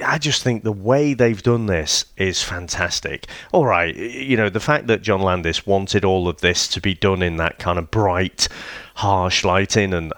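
A man's voice: low-pitched, a bit bright, dry recording, clean studio sound. A man co-hosting a casual film review chat, enthusiastic and often restarting his sentences. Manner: enthusiastic, halting with frequent restarts. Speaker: podcast co-host.

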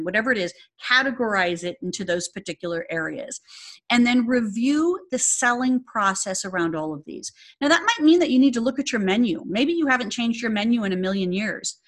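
A woman coaching salon owners, her voice sitting at an ordinary middle pitch. She speaks in a direct, emphatic way and keeps checking in with her listeners. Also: fairly bright tone.

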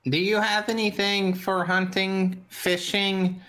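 A player in a tabletop game who jokes and teases and laughs loudly. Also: mid-range voice, little pitch movement, takes it slowly, low-quality recording. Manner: joking, teasing, laughing.

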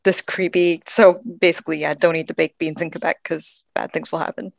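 A woman's voice: low voice, fairly even intonation, fairly quick, gravelly, no room sound. A woman from Canada co-hosting a podcast, chatting casually in a rambling, wry way. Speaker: podcast co-host.

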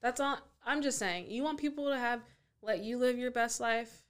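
A woman's voice: fairly high pitch, normal speed, fairly bright tone, smooth. A woman from Southern California, a podcast guest in casual chat, earnestly pushing back in friendly argument.

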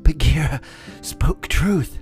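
A man voicing an earnest, quick-tempered boy raised by wolves in a storybook reading. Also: fairly high pitch, very animated, faint music behind, voice pushed up. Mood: urgent. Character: young boy raised by wolves, eager and bold.

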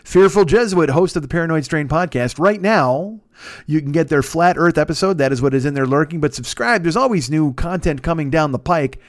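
A man's voice: a little high, expressive, a little fast, dry recording, studio quality. A man in his forties hosting a podcast from a desk in his apartment, rambling through plugs and ad reads with lots of swearing and self-mocking asides. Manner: profane, rambling, self-mocking, restarts mid-sentence. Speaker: podcast host. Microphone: desk microphone.

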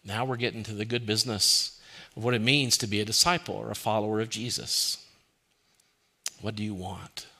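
A man preaching a sermon as pastor, asking many rhetorical questions and dropping to a soft, quiet voice when he quotes. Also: lowish voice, fairly even intonation, normal speed.

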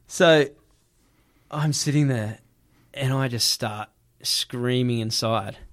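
A man telling a personal story in casual chat, animated, laughing and swearing freely. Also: medium pitch, slow pace.

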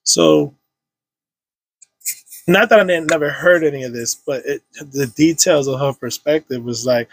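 A man's voice: medium pitch, animated, a little slow, pauses often, slight background noise. A man in his thirties, a podcast guest, telling an emotional personal story in casual slang full of restarts and fillers.

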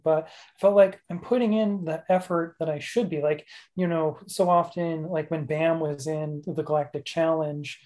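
A man's voice: a little high, steady tone, normal speed, darkish tone. A man hosting a podcast, talking casually in a rambling, self-mocking way and laughing often. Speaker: podcast host. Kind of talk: casual chat.

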